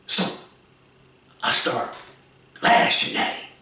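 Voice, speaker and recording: A man giving preachy advice to other people, repeating his points and often raising his voice to a shout. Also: slow, very echoey, distant mic. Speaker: commentator.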